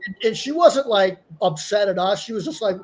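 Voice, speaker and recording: A man's voice: high-pitched, expressive, moderate pace. A man hosting a casual livestream chat, rambling and laughing often, sometimes muttering asides. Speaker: host.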